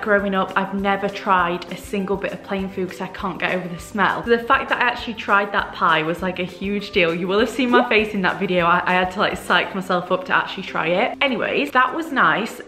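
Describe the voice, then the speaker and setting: A woman's voice: mid-range voice, sharp tone. A young woman with a British accent, under the weather, chatting casually to camera in a rambling, self-deprecating vlog. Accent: British English. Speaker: vlogger.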